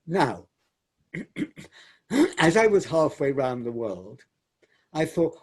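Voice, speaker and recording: A man's voice: mid-range voice, sing-song, slow, pauses often, darkish tone. An older man, a theatre director, reminiscing in an interview as a reflective storyteller who repeats and restarts words.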